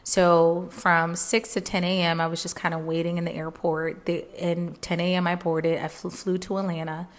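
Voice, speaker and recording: A woman podcast host telling a personal story in an earnest, faith-filled way, animated and emotional, jumping up in pitch when she quotes people. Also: moderate pace, few pauses. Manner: emotional, animated retelling, jumps high when quoting people.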